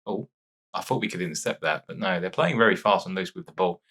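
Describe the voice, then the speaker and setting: A man casually commentating his own football management game, chatty and excitable, with a sore nose after a sneezing fit. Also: deep voice, fast talker, slightly rough. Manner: chatty, excitable reacting to match play. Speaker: gaming YouTuber. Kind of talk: casual let's-play commentary.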